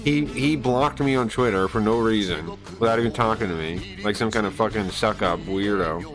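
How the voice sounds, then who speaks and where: A man's voice: fairly low pitch, normal speed, music in the background, poor audio. A man on a live stream ranting casually. He swears a lot, sounds aggrieved and rambles with restarts.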